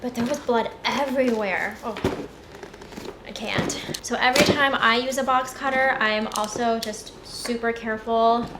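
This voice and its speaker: A woman's voice: fairly high pitch, fairly even intonation, normal speed. A young woman in her twenties chatting casually while unboxing beauty products, gushing and giggling as she goes. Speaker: beauty vlogger. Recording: echoey room with noticeable noise.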